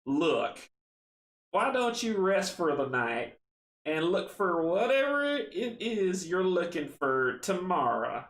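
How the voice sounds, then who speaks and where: A man voicing a kindly elderly village man with a slow, gentle, put-on American Southern country drawl, in an echoey room with faint background noise. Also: high voice, big pitch swings, pitched above the performer's own voice, exaggerated voice. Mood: coaxing.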